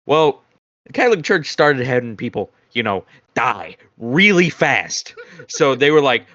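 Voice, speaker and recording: A man at a tabletop game telling a story in animated bursts, on a dull lo-fi recording. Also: mid-range voice, measured pace, no echo. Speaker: player. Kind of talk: casual tabletop game chat. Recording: dry, dull lo-fi audio.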